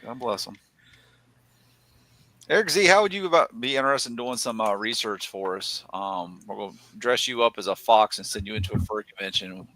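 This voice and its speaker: Joking guy hosting a collector chat, brightish low voice, teasing the crew. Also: fairly quick, no echo, rough recording. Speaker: podcast host. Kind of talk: casual group chat.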